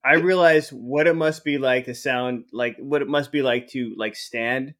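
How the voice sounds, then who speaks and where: A man's voice: mid-range voice, steady tone, unhurried, fairly bright tone. A man on a comedy podcast, easygoing and self-deprecating. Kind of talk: casual improv podcast chat.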